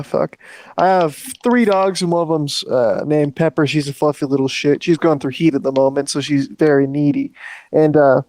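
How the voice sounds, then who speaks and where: A man's voice: on the high side, darkish tone, dry recording. A man guesting on a live stream, chatting casually in a rambling, profane, matter-of-fact way. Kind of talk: casual chat.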